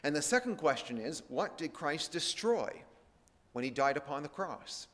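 A man's voice: fairly high pitch, very animated, fairly bright tone. Man preaching in a reverberant hall. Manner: slows and lifts his voice to read scripture aloud. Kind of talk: Bible teaching sermon.

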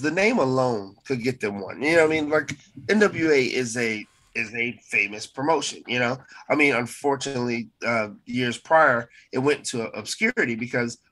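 A man co-hosting a casual wrestling podcast, talking in a relaxed, hesitant way with many fillers. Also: medium pitch, low-quality recording. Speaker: podcast co-host.

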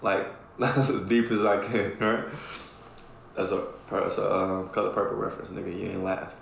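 A man on a podcast telling a long, profane story in a casual, animated way, acting out what people said. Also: low-pitched, moderate pace, vocal fry. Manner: animated, profane storyteller who acts out quotes. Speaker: podcast co-host. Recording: echoey room with faint ambience.

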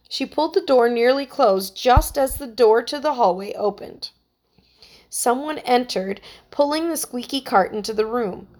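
A woman narrating a children's story with a steady, expressive reading. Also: fairly high pitch.

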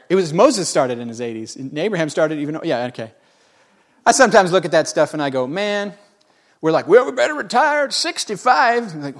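Speaking in a mid-range voice, a forties-aged pastor gives a sermon full of folksy humor aimed at the congregation. His delivery shifts from loud outbursts to hushed asides.

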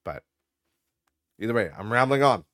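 A young man from Canada hosting a casual solo podcast, rambling in a relaxed way and swearing offhandedly. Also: mid-range voice, moderate pace, no echo, clean studio sound. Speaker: podcast host.

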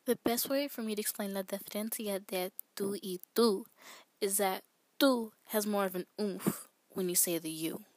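A woman's voice: medium pitch, dry recording. A woman talks through a casual language lesson, giving one example after another and leaning on the words that matter. Her voice sits in an ordinary middle range and comes across dry and close, with no room sound around it. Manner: explains slowly with examples, stressing key words. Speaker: Spanish tips podcast host.

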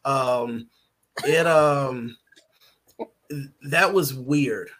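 A man's voice: mid-range voice, drawn-out words, a bit bright. A man, a writer guest on a podcast, talking casually in a rambling, hesitant way with many fillers and restarts.

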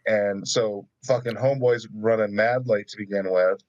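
A man co-hosting a podcast in relaxed, casual chat, swearing easily and speaking in a drawn-out way. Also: on the low side, no room sound. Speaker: podcast co-host. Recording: dull, dry lo-fi sound.

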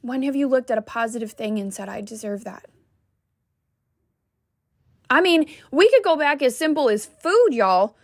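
A woman's voice: high voice, animated, moderate pace, long pauses, dry recording, clean studio sound. A woman wellness coach giving a heartfelt, emphatic motivational talk to the camera.

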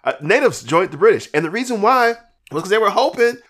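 A man's voice: high voice, big pitch swings, fast, a bit bright. A man co-hosting a podcast in casual chat, who swears freely, laughs often and rambles through restarts. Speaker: podcast co-host.

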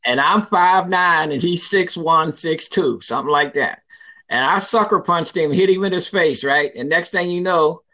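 A man in his sixties telling a personal story in an interview, lively and emphatic, acting out what people said. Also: fairly high pitch, normal speed, rough recording. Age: 60s. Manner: lively, emphatic storyteller who acts out quoted lines.

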